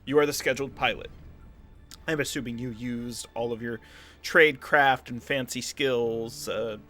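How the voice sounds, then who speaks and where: A man's voice: mid-range voice, fairly even intonation, normal speed, sharp tone. A man running a tabletop spy game as game master, loose and jokey, laughing often between narration.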